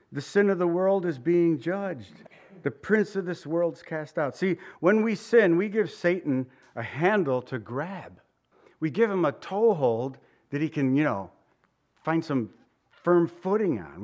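Man preaching a lively conversational sermon. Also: a little high. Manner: conversational, rhetorical asides, slows for emphasis. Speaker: pastor.

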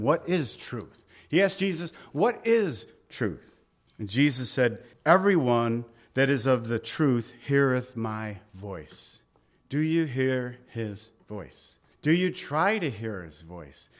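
A man preaching a sermon, animated, laughing often, acting out quotes and asking his listeners questions. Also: on the high side. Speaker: pastor.

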